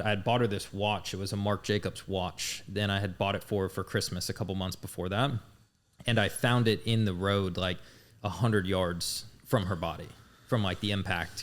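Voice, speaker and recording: A man's voice: low-pitched, a bit bright. A man in his thirties, a podcast guest telling his life story in a candid, blunt way, swearing freely. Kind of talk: casual storytelling.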